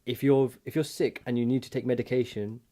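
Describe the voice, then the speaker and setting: A man's voice: mid-range voice, steady tone, brisk, warm tone. A man co-hosting a casual reaction chat, rambling and restarting his sentences as he explains things at length. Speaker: co-host.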